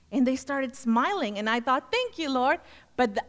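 A woman's voice: high voice, very animated, normal speed. A woman missionary giving a heartfelt, earnest testimony in a church, telling her story with thanks. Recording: long hall reverb.

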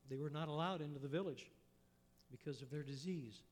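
Man preaching in an echoey hall. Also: a little high. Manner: folksy storytelling with pauses. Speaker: pastor. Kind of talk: sermon. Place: church sanctuary.

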